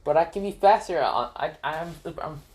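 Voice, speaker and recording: A man's voice: a little high, expressive, moderate pace, darkish tone, pitched above the performer's own voice, lightly acted. Guy doing a cocky young ninja, brash, trips over his words a bit.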